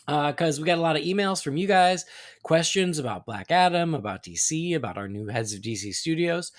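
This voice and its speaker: A man's voice: fairly high pitch, fairly quick. A man hosting a podcast, reading the show's plugs and chatting casually with his co-host. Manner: chatty, animated, reads plugs then banters.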